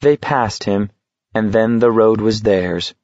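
A male narrator reads a novel in a steady, measured way. His low voice carries a gravelly fry, recorded dry and close. The sound is dull and lo-fi. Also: no room sound. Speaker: audiobook narrator. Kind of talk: scripted narration.

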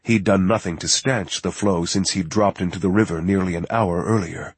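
A man narrating a thriller audiobook in a measured, grave, steady manner. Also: sits low, breathy edge, dry recording. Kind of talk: scripted narration.

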